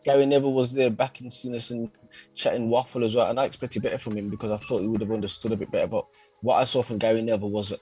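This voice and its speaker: A man co-hosting a casual football podcast, talking in animated, slangy, opinionated bursts. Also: medium pitch, very fast, breathy edge, soft background music, poor audio. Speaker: podcast co-host.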